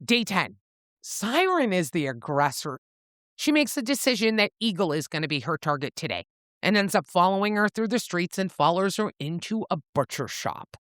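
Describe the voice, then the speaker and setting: Podcast co-host, woman, expressive storyteller, dry close sound, swings her pitch all over. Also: moderate pace, dry recording. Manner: animated storyteller, swears freely, acts out quotes with pitch jumps. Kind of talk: casual book recap chat.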